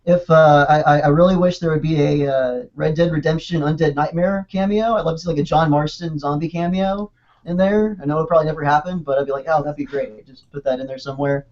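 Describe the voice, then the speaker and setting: Fast-talking excitable man, lo-fi audio. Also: on the high side. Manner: excitable, rambling, quick restarts. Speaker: podcast co-host. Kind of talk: casual podcast chat. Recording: dull lo-fi podcast audio.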